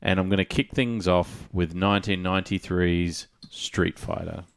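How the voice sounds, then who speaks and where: Low-voiced man, chatty podcaster. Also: fairly even intonation, moderate pace, clean tone. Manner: chatty storyteller, laughs at own jokes. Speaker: podcast co-host. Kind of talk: casual gaming podcast chat.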